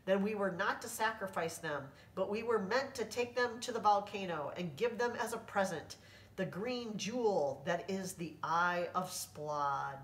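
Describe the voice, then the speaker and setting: A proud, earnest island man who explains things slowly and solemnly, as a woman reads him aloud. The room echoes and the voice is heard from a distance. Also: mid-range voice, lively intonation, natural voice. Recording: echoey room, reader far from mic.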